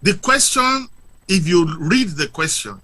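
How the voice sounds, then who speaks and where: A man's voice: sits high, very animated, unhurried, sharp tone. A man speaking as a guest on a talk show, arguing emphatically in a lecturing way with rhetorical questions. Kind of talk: impassioned argument on a talk show.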